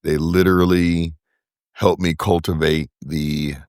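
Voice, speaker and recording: A man with a very deep voice talks casually as a podcast guest. He often repeats a word or two while he hunts for a name. The sound is dry and close, with no room around it. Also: measured pace, clean tone, no room sound. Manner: relaxed, repeats words while searching for names. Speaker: podcast guest, brewery co-founder. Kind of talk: casual interview talk.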